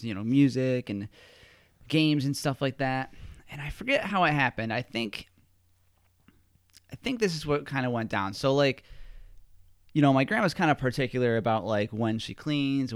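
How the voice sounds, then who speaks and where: Smooth-voiced rambling man. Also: mid-range voice, no echo, studio quality. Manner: rambling storyteller, lots of fillers. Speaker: podcast host. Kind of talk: casual chat.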